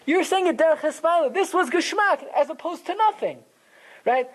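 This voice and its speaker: A man leads a Talmud class. His pitch swings widely, leaping up and down as he makes each point. He sounds casual and conversational, mixing in Hebrew and Yiddish terms. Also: lively intonation, normal speed, poor audio. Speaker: Torah teacher.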